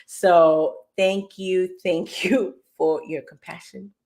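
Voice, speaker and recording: A woman's voice: lowish voice, fairly even intonation, slow, darkish tone. Chatty upbeat woman hosting a show. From New York. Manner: chatty, upbeat, self-deprecating, laughs easily. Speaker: host. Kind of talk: casual live show chat.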